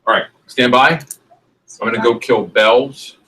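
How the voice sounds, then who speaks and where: A man running a video shoot, giving brisk, directive setup instructions to the people on camera. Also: mid-range voice, fairly even intonation, bright, forceful tone, husky.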